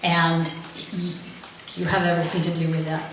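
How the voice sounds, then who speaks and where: A woman's voice: on the low side, flat delivery, normal speed, background noise. A woman giving an informal speech at her anniversary party in a winery event room, joking and laughing often. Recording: very echoey, dull room recording with ambience.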